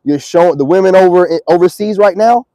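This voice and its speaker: A man holds forth outdoors in a confrontational, preachy monologue, loaded with slang. His voice sits high but sounds dark and mellow. The sound is dry and close. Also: brisk, no echo, low-quality recording. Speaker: self-styled spiritual commentator. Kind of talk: ranting monologue to camera.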